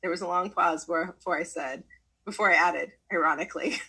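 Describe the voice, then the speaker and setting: Husky woman reading a memoir aloud. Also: lowish voice, moderate pace, long pauses, bright, forceful tone, low-quality recording.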